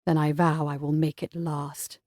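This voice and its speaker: A deep-set, husky young Regency lord, tender and ardent, spoken close and dry, as a woman narrator puts him on. His voice sits well below a woman's usual range. It is an audiobook romance character. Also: steady tone, normal speed, darkish tone, dry recording, lightly acted. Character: ardent young male Regency gentleman lover.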